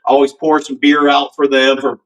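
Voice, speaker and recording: A man's voice: medium pitch, level tone, fairly quick, a bit bright, distant mic, low-quality recording. A man who sings in a rock band, telling stories in a casual interview in an earnest, rambling way with many fillers. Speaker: band singer, guest.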